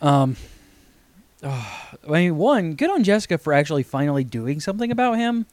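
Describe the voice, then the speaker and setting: A man co-hosting a casual podcast, talking in an animated, exasperated way and laughing often. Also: on the high side, moderate pace, dry recording. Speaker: podcast co-host. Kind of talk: casual chat.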